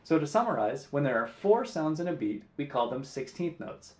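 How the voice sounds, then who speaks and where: A man teaching guitar rhythm, counting beats aloud in a clear, patient way. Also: fairly high pitch, big pitch swings, moderate pace, few pauses. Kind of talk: music lesson. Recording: roomy echo.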